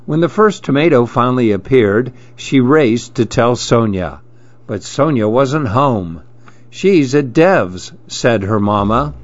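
A man reading children's picture books aloud, gently lifting his voice for the children's lines. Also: medium pitch, animated, a little slow, no echo, dull audio. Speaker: storybook reader.

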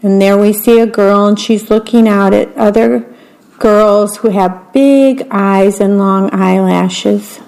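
A woman's voice: medium pitch, fairly even intonation, gravelly, a little mellow, low-quality recording. A woman reading children's picture books aloud, patiently describing each picture as she goes. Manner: slow, plain and patient, pointing out the pictures. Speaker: story reader.

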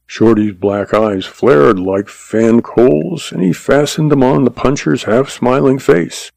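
Male narrator for a Western audiobook; dark, mellow tone, dry close sound. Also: mid-range voice, slow pace, vocal fry, hardly any pauses, dry recording.

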